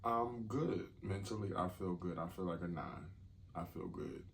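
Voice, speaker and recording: A man co-hosting a podcast in casual chat, laid-back and candid, joking often and filling pauses with "um". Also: sits low, vocal fry, slight background noise. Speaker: podcast co-host.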